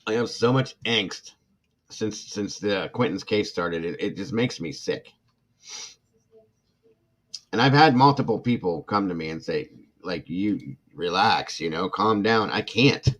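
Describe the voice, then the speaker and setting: A man's voice: fairly low pitch, expressive, measured pace, long pauses, fairly bright tone. A middle-aged man hosting a true crime livestream, ranting with indignant passion, reading comments from chat and apologizing between outbursts. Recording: dull lo-fi sound.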